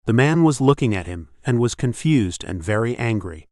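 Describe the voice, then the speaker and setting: A man reading an audiobook in scripted narration, steady and measured. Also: medium pitch, dry recording, clean studio sound.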